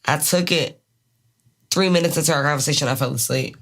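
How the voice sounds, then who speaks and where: A woman in her twenties with a Maryland accent, co-hosting a podcast in casual, profane, animated chat. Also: low-pitched, fairly quick. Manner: candid, profane, animated storytelling. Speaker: podcast co-host.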